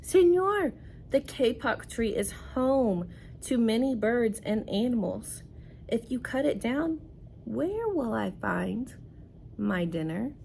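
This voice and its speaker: A woman's voice: sing-song, takes it slowly, creaky, dark tone, a little hiss or hum, full character voice. A woman reading aloud as a jaguar from a storybook, plaintive and questioning. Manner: high plaintive read-aloud. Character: jaguar worried about its dinner.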